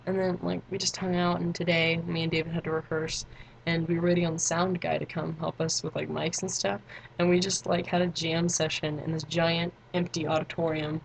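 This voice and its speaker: Chatty teenage girl with vocal fry. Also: on the low side, little pitch movement, a little fast, a little hiss or hum, low-quality recording. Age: teens. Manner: rambling, chatty, many fillers. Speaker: vlogger. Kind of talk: casual chat to camera.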